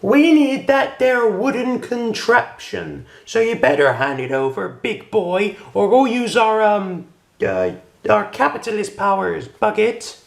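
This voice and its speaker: A man doing high, gravelly goofy plush-toy voices. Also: animated, measured pace, faint music behind, exaggerated voice. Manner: goofy, exaggerated cartoon delivery.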